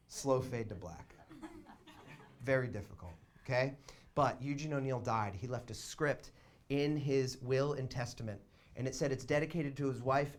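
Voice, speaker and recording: A young man doing live stand-up storytelling on a theater stage, dropping to quiet asides and then breaking into shouted, laughing excitement. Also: medium pitch. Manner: laughs while talking. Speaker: stand-up comedian.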